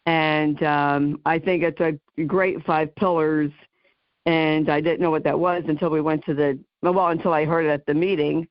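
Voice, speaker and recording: A woman with a New Jersey accent hosting a talk radio interview, halting and full of ums and you knows. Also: deep voice, fairly even intonation, no echo, highs cut off. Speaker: host.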